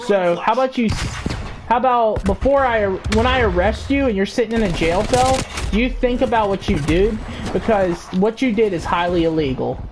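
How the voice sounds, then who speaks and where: A woman's voice: mid-range voice, normal speed, background noise, pitched above the performer's own voice, close to an everyday voice. A woman doing a dry, unbothered cop. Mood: matter-of-fact. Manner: flat and matter-of-fact. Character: calm, unimpressed male police officer.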